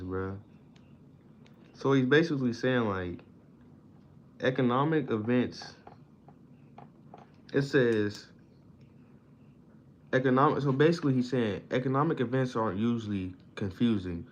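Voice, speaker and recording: A man's voice: medium pitch, a little mellow. A man reading a book aloud in a casual study session, stumbling over words and stopping to explain them in plain slang. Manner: reads haltingly, stumbles on words, pauses to define them in slang. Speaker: self-taught reader explaining a book. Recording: dull lo-fi audio, faint background noise.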